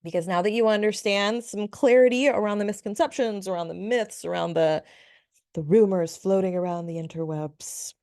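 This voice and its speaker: A woman's voice: medium pitch, moderate pace, darkish tone, no room sound. Giggly, chatty woman podcaster, dry sound. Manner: chatty, giggly, playful asides. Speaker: podcast host, spiritual reader. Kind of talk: solo podcast monologue.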